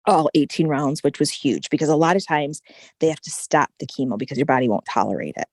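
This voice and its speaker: A woman guest telling a personal story in casual conversation, animated and full of "like" and "right?" fillers. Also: low-pitched, quick pace, no echo, studio quality. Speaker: podcast guest.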